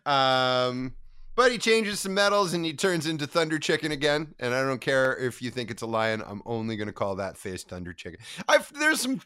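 A man co-hosting a podcast, recapping a TV episode in an animated, jokey way and swearing freely. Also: mid-range voice, moderate pace, smooth. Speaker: podcast co-host. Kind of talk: casual episode recap chat.

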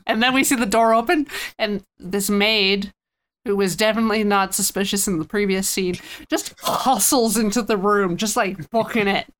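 A woman's voice: medium pitch, moderate pace. Woman wryly recapping a film scene. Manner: lively scene recapping with wry asides. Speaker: podcast co-host. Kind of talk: casual film discussion.

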